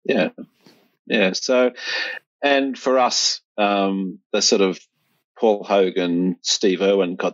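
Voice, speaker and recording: A man's voice: low voice, no echo. A middle-aged Australian man in casual conversation, rambling with restarts and fillers. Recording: dull, lo-fi sound.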